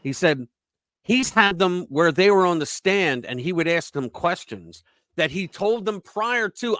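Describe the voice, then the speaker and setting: A man's voice: sits high, animated, measured pace, fairly bright tone, no room sound. A man hosting a casual political talk show, retelling a story in a rambling way with restarts and fillers. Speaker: host.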